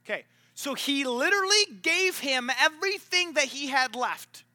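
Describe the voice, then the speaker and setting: A man preaching a sermon in a relaxed, conversational way, full of asides and filler words. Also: very high-pitched, normal speed, no room sound. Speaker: pastor. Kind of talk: casual sermon storytelling.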